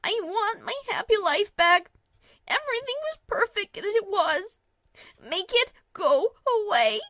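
A woman voicing a frightened, deluded female pony who pleads in a high, trembling voice. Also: big pitch swings, a little slow, bright, forceful tone, no echo, studio quality, exaggerated voice. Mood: pleading.

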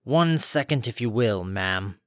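A man's voice: mid-range voice, expressive, unhurried, no room sound, clean studio sound, natural voice. A man voicing a stern old male pony farmer in a storybook reading, speaking with a scratchy, lethargic drone and formal curtness. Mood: dour. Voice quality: scratchy, droning.

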